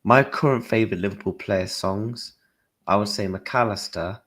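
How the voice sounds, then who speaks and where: Lively lower-voiced guy streaming. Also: moderate pace. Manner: animated storytelling, acting out his own and others' lines; blunt slang with mild swearing. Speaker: football livestream host. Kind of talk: casual football chat.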